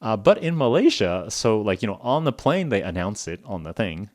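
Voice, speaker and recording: A man's voice: fairly low pitch, big pitch swings, moderate pace, a little mellow, dry recording, studio quality. A man hosting a casual podcast for English learners, explaining things in a chatty way, checking in with "okay?" and acting out little phone conversations. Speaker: English teacher and podcast host.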